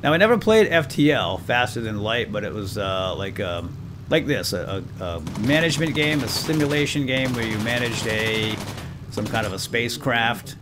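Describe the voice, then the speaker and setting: During a let's play against a noisy background, a gaming channel host with an expressive mid-range voice talks at a moderate pace. He chats casually and jokes at his own expense with viewers, now and then barking loud, playful orders at his crew.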